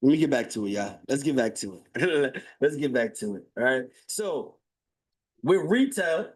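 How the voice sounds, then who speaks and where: A man giving a live webinar sales pitch, hyped and talking straight to the chat, repeating his phrases for emphasis. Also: lively intonation, normal speed. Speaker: webinar presenter.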